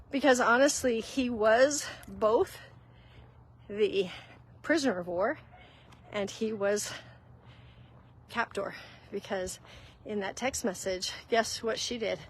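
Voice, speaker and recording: A woman's voice: medium pitch, slow pace, long pauses, husky, low-quality recording. A woman hosting a faith-based walk-and-talk, teaching in an earnest, conversational way while walking outdoors. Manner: earnest and conversational, addresses listeners as guys. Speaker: host giving spiritual guidance.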